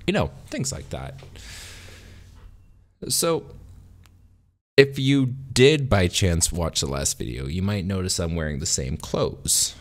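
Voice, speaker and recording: Slightly buzzed from a beer, a man with a deep voice and big pitch swings rambles through a solo, unscripted vlog. He's self-deprecating, with frequent pauses and restarts.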